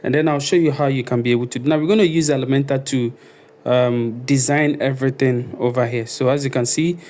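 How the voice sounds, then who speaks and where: A man talking casually through a screen-recorded web design tutorial, thinking aloud and filling pauses with ums and okays. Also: medium pitch, fairly even intonation, a little mellow.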